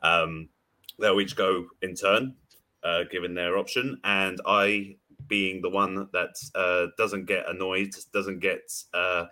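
A man's voice: sits low, fairly even intonation, slow, pushed and bright. A laid-back man co-hosting a casual podcast, rambling through the intro with plenty of fillers. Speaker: podcast co-host.

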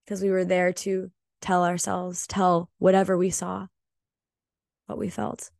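A woman hosting a solo spiritual podcast, telling a personal story in an earnest, emotional and confessional way, often slow and reflective. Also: lowish voice, completely flat delivery, creaky, darkish tone, dry recording, clean studio sound. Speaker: podcast host.

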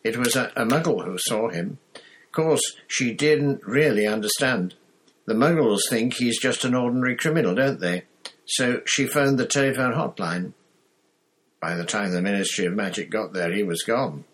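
A man reading an audiobook, voicing an excited gossiping schoolboy. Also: mid-range voice, normal speed, voice pushed up, natural voice.

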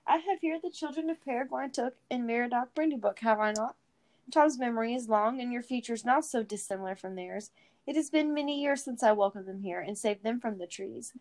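A woman's voice: a little high, a little mellow, natural voice. A woman voicing a merry old male forest spirit who plays host, with a sing-song, old-fashioned, kindly way of talking.

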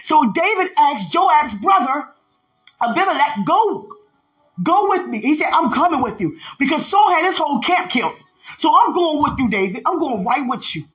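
A woman delivers a podcast sermon, her voice sitting very high and swinging widely as she acts out each character. She tells the Bible story with lively devotional energy. Faint music plays beneath her. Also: normal speed, low-quality recording. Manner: animated storytelling, acting out the characters' lines. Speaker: preacher.

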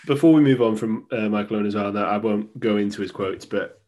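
A man co-hosting a casual football podcast, relaxed and agreeable, quick to laugh. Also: lowish voice. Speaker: podcast co-host.

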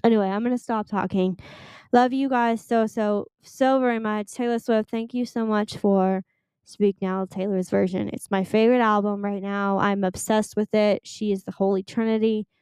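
A young woman rambles happily through her solo podcast sign-off, gushing and excitable. Her voice is smooth and clear, recorded dry and close with no room sound around it. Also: mid-range voice, normal speed, no room sound. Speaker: podcast host. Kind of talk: casual solo podcast chat.

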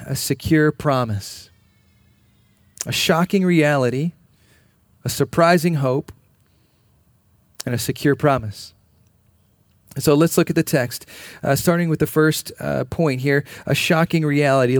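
Man, pastor, sermon, emphatic, repeats phrases, slightly high voice, dry sound. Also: unhurried, no room sound.

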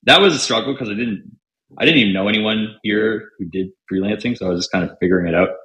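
Chatty man, bright, roomy sound. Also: fairly low pitch, fast. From Canada. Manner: chatty, filler-heavy, acts out quoted dialogue. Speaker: podcast guest, salesman. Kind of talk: casual storytelling. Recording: roomy echo.

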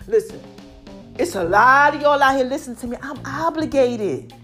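A middle-aged woman talks to her followers in a chatty, animated vlog, her pitch sitting high and bouncing widely. Allergies leave her voice a touch deeper and rougher than usual. Soft music plays faintly behind her. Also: moderate pace. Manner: animated, chatty, repeats catchphrases, laughs often. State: voice a bit deep from allergies. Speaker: online personality talking to followers. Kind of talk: casual motivational vlog chat.

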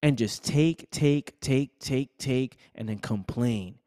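A man's voice: mid-range voice, takes it slowly, dark tone, dry recording, clean studio sound. A man hosting a podcast, giving a passionate motivational monologue full of slang and repetition. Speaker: podcast host.

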